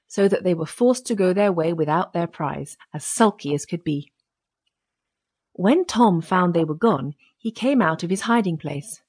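A woman narrating a children's fairy tale audiobook in a steady storytelling manner. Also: on the low side, slightly rough.

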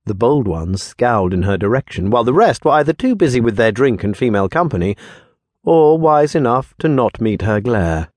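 A man narrating a fantasy audiobook in an expressive, measured storytelling manner, close to a studio mic. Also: medium pitch, no room sound.

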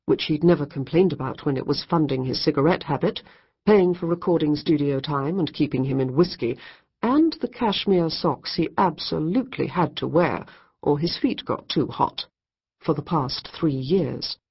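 A woman narrating a comic novel in a wry, measured storytelling manner. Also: sits low, expressive, breathy edge, dull audio. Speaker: audiobook narrator. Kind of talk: scripted narration.

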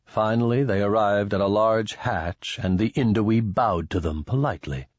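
A man narrating an audiobook in a steady, measured way, close to a studio mic. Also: lowish voice, no echo, dull audio. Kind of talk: scripted narration.

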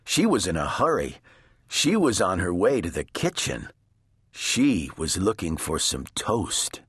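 A man narrating a children's storybook in a gentle, deliberate storytelling manner. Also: sits low, very animated, slightly rough, no room sound, studio quality. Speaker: audiobook narrator.

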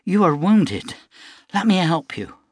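A man voicing a kind, apologetic young farm girl who speaks gently and pleads. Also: high voice, sing-song, slow pace, breathy edge, no room sound, studio quality, pitched above the performer's own voice, full character voice. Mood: pleading.

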